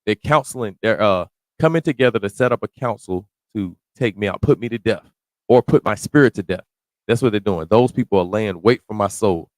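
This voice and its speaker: With a voice on the low side and no room sound, a man delivers a verse-by-verse sermon on a psalm from close to the mic in a dead space. He reads slowly and deliberately, then turns to loose everyday slang that sometimes rises into shouting.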